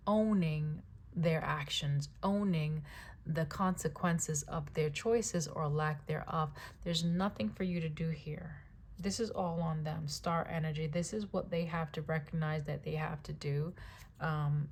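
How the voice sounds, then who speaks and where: Reading tarot in a relaxed, chatty way, this woman keeps asking "right?" and "okay?" and says things more than once. Her voice sits low and sounds gravelly.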